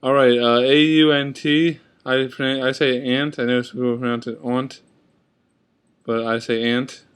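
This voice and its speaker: A man's voice: medium pitch, fairly even intonation, normal speed, hardly any pauses, clean tone. A man in a casual video, reading words off a list on his computer and chatting about how he pronounces them. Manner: reads word list, comments offhand. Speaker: vlogger. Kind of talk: casual accent tag video. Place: indoors at a computer. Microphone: webcam at computer.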